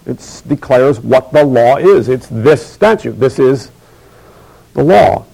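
Man, middle-aged, university lecture, emphatic, deliberate, gravelly voice, mid pitch. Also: expressive, mellow, rough recording. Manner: measured, emphatic, repeats key phrases slowly. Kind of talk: recorded academic lecture.

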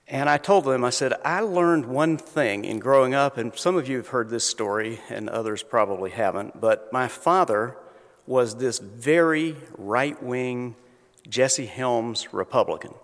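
A man with a Southern North Carolina accent, telling humorous stories in a slow, drawling talk. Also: medium pitch, fairly bright tone. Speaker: invited speaker. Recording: long reverb of a lecture hall.

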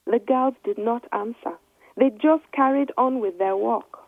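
A woman reading a children's story aloud in gentle, measured narration. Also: on the high side, gravelly. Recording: dry, tinny phone-like line.

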